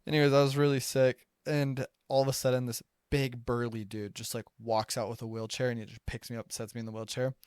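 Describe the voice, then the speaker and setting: Recorded dry and studio-clean on a close podcast mic, this young adult from the United States rambles through casual stories, filling them with "like." He talks a little fast at a level, medium pitch, barely pausing, his tone darkish and clean.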